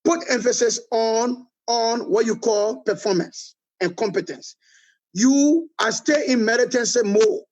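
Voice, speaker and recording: A very high, somewhat mellow male voice comes through a rough recording, unhurried in pace. He's a middle-aged Liberian-accented movement leader being interviewed, leveling emphatic political criticism and restating points to hammer them in.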